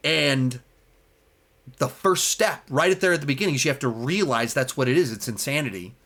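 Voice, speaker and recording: A man giving a casual spoken film review, animated and emphatic, with many fillers and restarts. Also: medium pitch, fairly quick.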